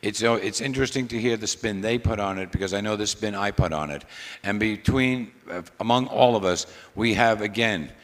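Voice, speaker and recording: Low-voiced man introducing a speaker. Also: fairly quick. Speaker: affiliate president introducing a speaker. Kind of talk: speech introduction at a convention. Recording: long hall reverb.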